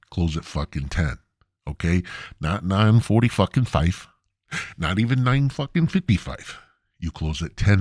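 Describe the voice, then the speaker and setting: Very low, husky man ranting profanely. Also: a little mellow, no room sound, studio quality. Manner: profane, heavy swearing; exasperated, mock-outraged. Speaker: podcast host. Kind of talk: comedic storytelling rant.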